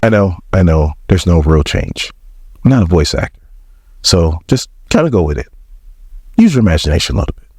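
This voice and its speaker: A man's voice: low-pitched, very animated, a little fast, long pauses, background noise. A man hosting a casual comic book recap, chatty and joking.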